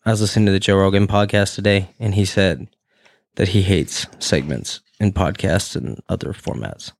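Man, podcast co-host, casual chat, low pitch, dry sound, joking, swearing. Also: normal speed, creaky, dry recording. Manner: loose, joking, swears freely.

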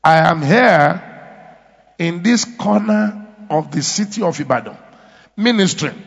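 A man's voice: on the high side, expressive, a little slow, gravelly, breathy edge, in a large hall, muffled recording. A man with a Nigerian accent preaching a sermon, emphatic and repetitive, calling out to the congregation. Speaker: pastor. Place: church.

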